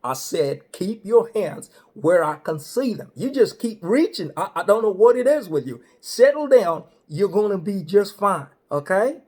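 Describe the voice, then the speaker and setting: A man voicing a brash, condescending state trooper, loud and drawn out. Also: sits high, very animated, a little slow, few pauses, husky, voice pushed up, full character voice. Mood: scolding.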